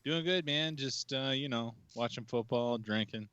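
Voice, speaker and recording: A man's voice: medium pitch, moderate pace, fairly bright tone, clean tone, dry recording. A man from Canada who is a guest on a casual podcast, joking and teasing in a crude way. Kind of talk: casual chat. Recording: dull, dry, lo-fi sound.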